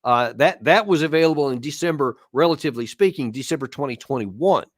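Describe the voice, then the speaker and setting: A man's voice: fairly high pitch, lively intonation, a little fast, no room sound, clean studio sound. Emphatic man commenting on politics. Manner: emphatic, repeats words when stressing a point. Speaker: host.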